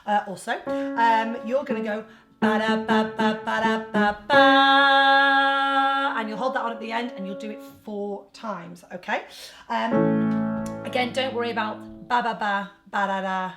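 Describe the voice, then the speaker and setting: A woman with an English accent leading an online choir lesson, explaining each part in a chatty, teaching way. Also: a little high. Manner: chatty teaching, breaks into singing phrases. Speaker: choir leader. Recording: roomy sound over backing music.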